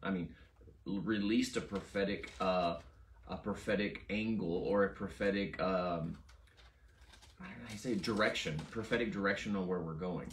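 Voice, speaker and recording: A man co-hosting a ministry talk, speaking hesitantly with many pauses and restarts. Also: low-pitched, slight background noise. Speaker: co-host. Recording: echoey room, distant mic.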